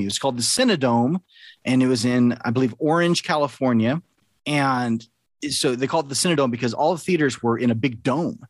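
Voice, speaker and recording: A man's voice: mid-range voice, no echo. A middle-aged man, a podcast host, chatting casually and telling an earnest story.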